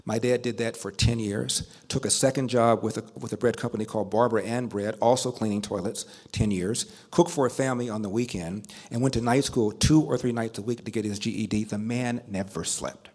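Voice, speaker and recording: A man's voice: fairly low pitch, a little fast, few pauses, a little mellow. An older man giving a storytelling speech at a banquet, building emphasis through repetition. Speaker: speaker at a banquet.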